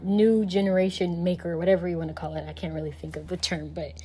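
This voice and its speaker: A woman's voice: on the low side, little pitch movement, quick pace, mellow, slight background noise. A woman hosting a casual podcast conversation, talking reflectively and meandering with many fillers. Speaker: podcast host.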